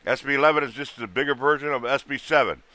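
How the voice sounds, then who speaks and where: A man hosting a livestream, bluntly pitching ghost hunting gear in rough, casual sales patter. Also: quick pace, bright, forceful tone, no room sound. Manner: rough-spoken, blunt, salesman patter with sound-effect noises.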